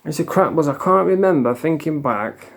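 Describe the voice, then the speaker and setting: A man's voice: a little high, lively intonation, moderate pace, creaky. A man, a former addict telling his story in a frank, casual monologue full of swearing. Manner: frank, swears a lot, plain-spoken.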